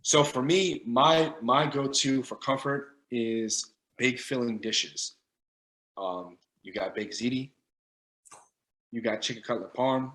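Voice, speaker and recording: A man from Long Island, a guest cook, talking in a relaxed, easygoing way in a casual chat. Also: mid-range voice, slow, low-quality recording.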